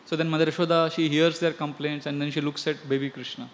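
A man's voice: a little high, level tone, quick pace. A man earnestly telling a devotional story and explaining chanted verses, often repeating himself. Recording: long hall reverb.

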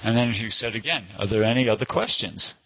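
An older man recounts a story at a temple gathering in a loose, digressive way, often circling back to correct himself. His voice is low and husky. The recording sounds dull and lo-fi. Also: fairly quick. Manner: rambling, digressive, frequent self-corrections. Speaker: devotee telling a story at a temple class. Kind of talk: informal anecdotal storytelling.

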